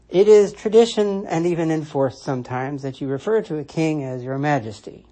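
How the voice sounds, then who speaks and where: A commentator giving a reflective solo monologue, measured and deliberate, restating points for emphasis. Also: mid-range voice, warm tone. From United States. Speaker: Christian commentator.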